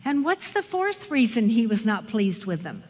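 High-voiced woman teaching Bible study. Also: normal speed, slight background noise. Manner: expressive, asks the audience questions. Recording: echoey hall with long reverb.

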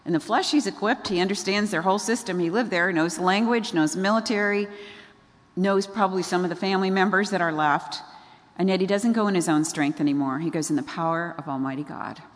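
A woman's voice: on the low side, a little fast. A woman preaching a sermon in a conversational way, often asking her listeners questions. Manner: conversational, asks the audience questions. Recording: long reverb of a large hall.

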